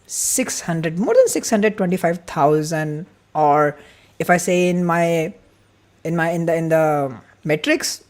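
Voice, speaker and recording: Excited fast-talking man hosting. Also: a little high. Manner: greets viewers from the chat. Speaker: livestream host. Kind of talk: live-streamed event welcome.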